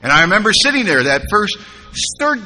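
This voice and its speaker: Bright-voiced man speaking in an echoey hall. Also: a little high, moderate pace. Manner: humorous, animated storytelling with quoted dialogue. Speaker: recovery meeting speaker. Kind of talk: personal story told to a live audience. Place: large conference hall. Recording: live hall recording with reverb.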